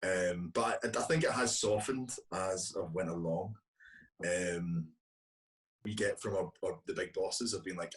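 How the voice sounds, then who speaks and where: A man's voice: low voice, unhurried. Scottish man talking loosely, off-mic. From Scotland. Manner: rambling, hesitant, many restarts. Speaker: guest actor. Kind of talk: casual interview chat. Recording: distant from the mic.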